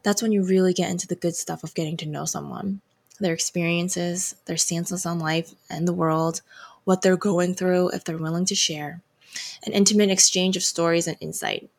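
Young woman podcast host, low gravelly voice, reflective and a bit hesitant. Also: fairly even intonation, moderate pace. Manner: reflective, slightly hesitant delivery. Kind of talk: scripted solo podcast intro.

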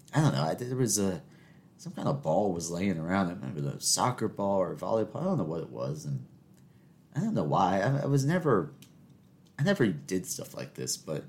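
Rambling, lively-voiced young man. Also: low-pitched. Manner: rambling, self-interrupting, laughs at own stories. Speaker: podcast host. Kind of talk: casual solo storytelling.

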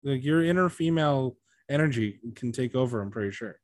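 A man's voice: medium pitch, animated, a little fast, dry recording. A man co-hosting a podcast, joking and teasing, swearing casually. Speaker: podcast co-host.

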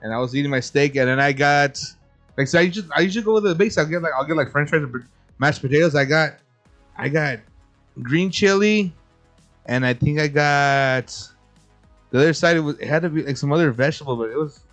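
A man's voice: on the high side, brisk, a bit bright, soft background music. A man co-hosting a podcast in a laid-back way, swearing a lot and laughing often with his friends. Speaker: podcast co-host. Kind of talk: casual chat.

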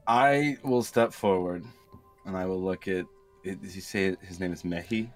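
Deep-voiced, excitable male player. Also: normal speed, faint music behind. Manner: excitable, playful, swears. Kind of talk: casual chat.

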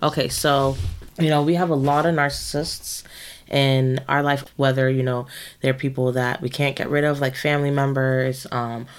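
A woman's voice: very deep voice, level tone, moderate pace, clear, resonant tone. A woman co-hosting a podcast, telling a personal story in casual chat, rambling with many fillers. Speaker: podcast co-host.

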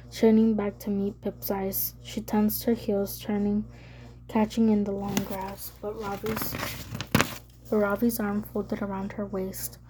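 A woman reading a novel aloud as an audiobook narrator, measured and even. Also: medium pitch. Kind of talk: scripted narration.

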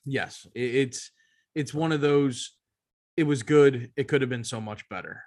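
A male podcast co-host in loose, casual chat, talking in long rambling runs with plenty of emphasis. His voice sits at an ordinary middle pitch. It sounds close and dry, with no room around it. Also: measured pace, darkish tone, no room sound. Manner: rambling, emphatic, frequent "you know what I mean".

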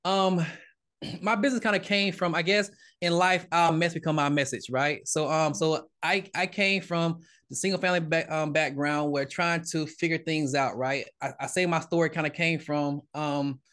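A man, a married father, telling his story as a podcast guest in casual conversation, animated and often repeating and restarting his words. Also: on the high side, moderate pace. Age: adult, married father. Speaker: podcast guest, real estate investor.

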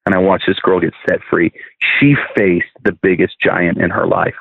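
A man's voice: deep voice, fairly even intonation, moderate pace, gravelly, husky, no room sound. A man, a minister, earnestly telling a testimony as a podcast guest, often restarting and repeating words. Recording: dry, phone-like narrow sound.

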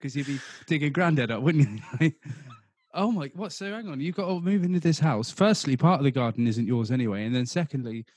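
A man's voice: mid-range voice, expressive, a little mellow, slightly rough, no room sound. Bantering southern English man. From southern England. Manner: jokey, quick to laugh, banter. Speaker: podcast co-host. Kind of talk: casual podcast chat.

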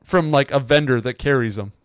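A young man co-hosting a casual podcast chat, telling stories with lively impressions of the people in them. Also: medium pitch, brisk, clean tone, no room sound, clean studio sound. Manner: animated storyteller acting out quoted people. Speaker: podcast co-host.

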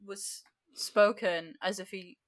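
A woman's voice: medium pitch, fairly even intonation, takes it slowly, no echo. A woman co-hosting a podcast, arguing her point insistently in casual book chat and swearing freely. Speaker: podcast co-host.

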